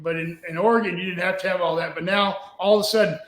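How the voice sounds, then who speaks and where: A man's voice: sits high, steady tone, fast, a bit bright. An older man, a former wrestling booker, telling a rambling, folksy story with chuckles in an interview clip. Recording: echoey room.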